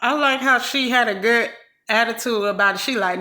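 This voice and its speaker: A woman's voice: fairly high pitch, steady tone, brisk, pushed and bright, reverberant. A woman vlogger from California giving slangy, emphatic casual commentary and repeating her points.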